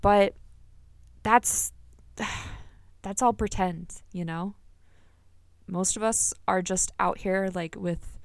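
A woman's voice: medium pitch, fairly even intonation, very slow, pauses often, no room sound. A woman hosting a podcast, talking candidly and with lots of energy, swearing freely and often laughing, recorded on a single microphone in a small closet. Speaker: podcast host. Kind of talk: casual podcast monologue.

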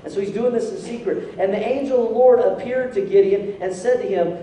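A man preaches in a church sanctuary, his high, mellow voice moving briskly with few pauses. Jokey throughout, he performs the voices of the figures in his story, and the audio is distant and echoey with faint noise.

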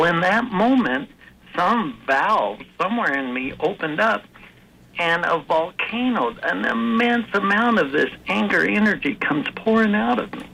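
Guy with a bright gravelly voice, earnest storyteller, bit of hiss behind him. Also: a little high, rough recording. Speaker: author and guest. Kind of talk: conversational interview.

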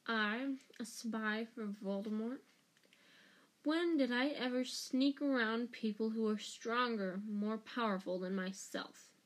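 A woman's voice: on the high side, slow. Woman doing a growling bitter escaped prisoner. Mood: venomous. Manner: growling, hissing, venomous. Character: bitter escaped male prisoner wizard, menacing.

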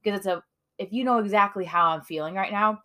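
A woman's voice: mid-range voice, quick pace, pushed and bright. A woman co-hosting a podcast, candid and reflective in casual chat, swearing casually. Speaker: podcast co-host.

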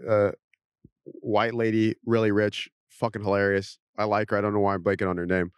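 A young man in casual chat, telling rambling stories and slipping into quick impressions. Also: lowish voice, flat delivery, smooth, no echo, studio quality.

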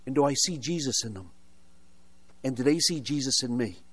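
An older American man preaches a sermon woven with his personal testimony, adding humorous asides and rhetorical questions. His mid-range voice is husky and expressive, at a normal speed.

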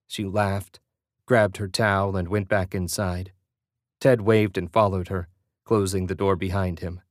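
A man narrating a horror novel aloud in a steady storytelling manner. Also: low-pitched, unhurried, no room sound, studio quality. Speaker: audiobook narrator. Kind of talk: scripted narration.

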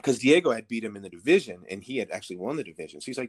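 A man's voice: mid-range voice, animated, racing, hardly any pauses. A man in his thirties, a podcast guest, telling a story casually with lots of swearing and fillers. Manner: profane, rambling, filler-heavy.

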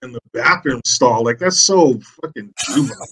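A man's voice: mid-range voice, lively intonation, normal speed, fairly bright tone, rough recording. A man talking as a guest on a podcast, ranting in a profane, mocking way. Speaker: podcast guest, online commentator. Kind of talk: casual podcast chat.

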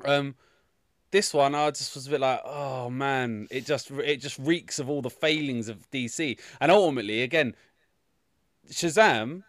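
A podcast co-host with a mid-range, fairly bright voice rambles through casual chat, restarting often and cracking crude jokes. The recording is dry with clean studio sound.

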